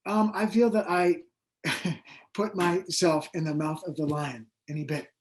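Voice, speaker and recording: A man's voice: a little high, fairly even intonation, unhurried. A man who is an author guest in an interview, telling his story in a rambling, hesitant way with many fillers. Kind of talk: conversational interview.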